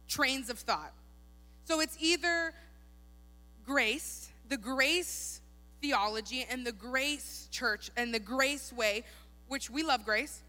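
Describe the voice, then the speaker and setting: A woman's voice: high voice, bright, forceful tone. A young woman preaching a sermon in a church hall, casual and chatty. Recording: long hall reverb.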